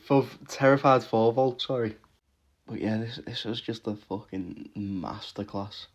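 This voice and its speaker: A man's voice: fairly low pitch, measured pace, husky. Man ranting about fights. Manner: swears constantly, laughs often, rants with restarts. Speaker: MMA reaction vlogger. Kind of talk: casual reaction rant.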